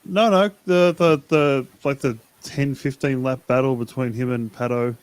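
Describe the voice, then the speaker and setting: Male podcast co-host on an online call, halting, distracted, easygoing. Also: medium pitch, fairly even intonation, clean tone, dry recording. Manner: halting, distracted, fiddling with settings. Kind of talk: casual chat.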